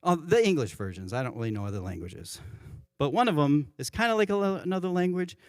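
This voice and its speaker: A man's voice: on the high side, lively intonation, fast talker, smooth, no echo, clean studio sound. Conversational man giving a church sermon. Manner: conversational, self-correcting, chuckles at his own examples. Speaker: worship pastor. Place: church sanctuary.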